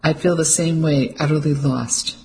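Reader doing defiant grieving woman, audiobook, mid pitch. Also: fairly even intonation, normal speed, darkish tone, lightly acted, rough recording. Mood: steadying.

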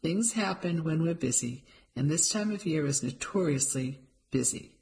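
A narrator voicing a calm, dry-witted older aunt in an audiobook, speaking quietly and evenly. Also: medium pitch, moderate pace, lightly acted. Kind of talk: audiobook character voice.

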